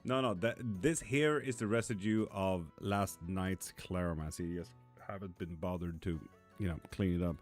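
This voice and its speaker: Man, live stream tarot host, fairly low voice, casual, blunt, swears, faint background music. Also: moderate pace. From Sweden. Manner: chatty, blunt, swears casually, answers viewers by name. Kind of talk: casual live-stream chat reading comments. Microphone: streaming mic.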